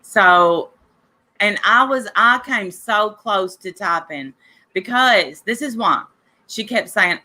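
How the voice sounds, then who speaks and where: Sick lady host gossiping away, rambly and chatty, bright clear voice, coughing now and then. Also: mid-range voice, expressive, unhurried. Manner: rambling, chatty, addresses listeners directly. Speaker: podcast host. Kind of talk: casual gossip chat.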